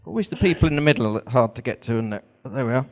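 Host calling for audience questions. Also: male voice, mid-range voice, lively intonation, a little mellow. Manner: brisk, joking crowd patter. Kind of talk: hosting a live audience Q&A.

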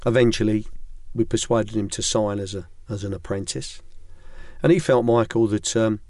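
A man's voice: fairly low pitch, fairly even intonation, moderate pace, darkish tone, no room sound. An older man, a former football academy director, telling rambling anecdotes in a studio interview with many ums and restarts.

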